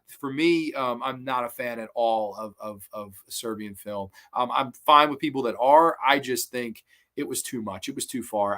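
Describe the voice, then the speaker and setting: A man with a medium-pitched voice hosts a live horror channel stream and answers viewer questions. He rambles in a relaxed way, with lots of ums, restarts and the occasional swear word.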